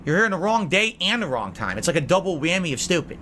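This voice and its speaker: A man's voice: sits high, big pitch swings, quick pace, bright, forceful tone, slight background noise. A man hosting a live-stream podcast who chats casually with his viewers, reading out their messages and answering them with blunt sarcasm.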